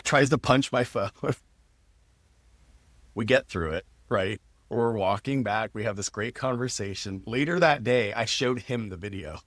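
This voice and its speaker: A man in his thirties, a podcast host, telling a personal story in a lively, casual way and laughing often. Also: mid-range voice, dry recording.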